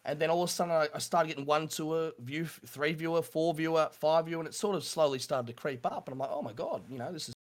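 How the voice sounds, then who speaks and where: Halting Australian man with a higher voice. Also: steady tone. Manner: halting, repeats words, laughs nervously. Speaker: streamer guest. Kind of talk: candid interview storytelling.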